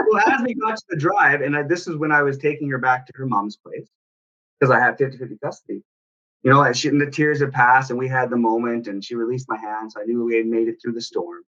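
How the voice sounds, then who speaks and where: Male parenting coach, earnest and reflective, bright forceful voice, lo-fi recording. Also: mid-range voice, fast. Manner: earnest, reflective storytelling with restarts. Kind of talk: personal story in casual talk.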